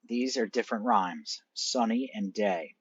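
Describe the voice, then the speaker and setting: A male teacher walks students through an assignment shown on screen, explaining each step conversationally and speaking to them directly in this screen recording. His voice is on the low side, unhurried, with a breathy edge. There's no room sound, and the highs are cut off.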